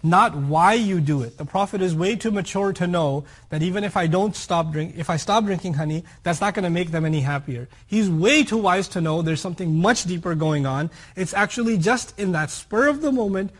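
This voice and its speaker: High, husky man teaching a Quran lesson. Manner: explains by contrast and example, with lively humorous asides; checks in with listeners. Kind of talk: explanatory religious lecture.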